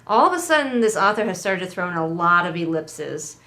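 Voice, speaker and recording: A woman's voice: fairly low pitch, sing-song, a little fast, bright, forceful tone. A woman giving a casual, sarcastic book critique, swearing freely and mocking the characters. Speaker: book reviewer.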